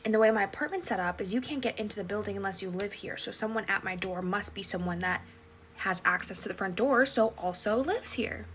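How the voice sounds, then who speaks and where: A woman's voice: mid-range voice, fairly quick, fairly bright tone, a little hiss or hum. A young woman telling a storytime in a sassy, casual way, swearing freely and acting out her own reactions.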